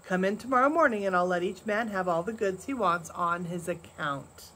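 A woman voicing a calm, firm frontier father speaking quietly to an angry crowd in a story read aloud. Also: on the low side, moderate pace. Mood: cool. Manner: quiet, cool, steady.

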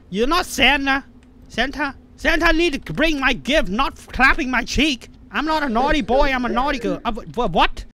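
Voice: high-pitched, animated, moderate pace, bright, forceful tone, a little hiss or hum. A gamer giving frantic, panicky commentary on a horror game, swearing constantly. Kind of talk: let's play commentary.

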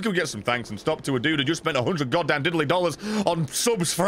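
A young man streaming live gameplay, swearing constantly, thanking donors and breaking into loud shouts. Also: on the high side, quick pace, few pauses, slight background noise. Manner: thanks chat donors between fights.

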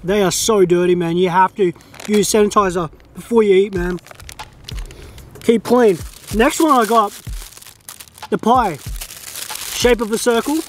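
A man's voice: high-pitched, slight background noise. A young Australian man chatting casually to camera outdoors while trying food, easygoing and talkative. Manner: chatty, easygoing, drawn-out mm sounds while tasting. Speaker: food vlogger. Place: quiet open field outdoors.

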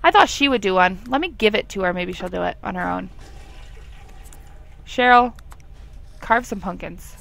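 Young woman, gravelly tone, chatty let's play commentator who talks to her characters and giggles a lot. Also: mid-range voice, lively intonation, moderate pace, pauses often, fairly bright tone. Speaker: gameplay commentator.

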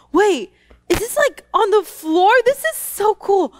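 A woman co-hosting a kids church skit on a stage, excitable and full of exclamations and gasps. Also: very high-pitched, a little slow, noisy background. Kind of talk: comedic skit with co-host. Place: indoor theater stage. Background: background music.

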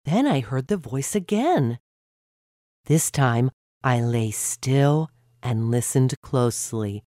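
A woman reads a children's story aloud. Her low voice rises and falls widely at an unhurried pace. The recording is close and dry. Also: no echo. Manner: expressive, clear storybook reading. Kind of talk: scripted children's story narration.

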